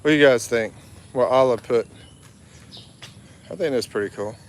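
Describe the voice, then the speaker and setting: A livestream vlogger strolls through a town on a casual live walk, talking and laughing a lot as he reads viewers' comments out loud. He speaks in a mid-range voice at a moderate pace.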